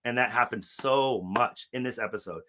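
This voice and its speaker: Bright-voiced profane man chatting. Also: mid-range voice, normal speed, a little hiss or hum. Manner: profane, animated, mimics characters in funny voices. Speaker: podcast co-host. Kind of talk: casual chat.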